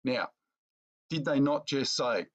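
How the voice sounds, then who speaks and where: A man's voice: mid-range voice, lively intonation, slow, a bit bright, highs cut off. Indignant man ranting. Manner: indignant, rambling, addresses viewers as folks. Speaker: political commentary channel host. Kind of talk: ranting commentary vlog.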